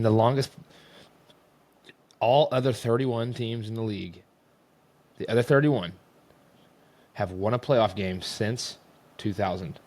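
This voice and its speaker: A man's voice: fairly low pitch, darkish tone. A young man hosting a casual sports rant, exasperated and rambling as he vents. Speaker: host.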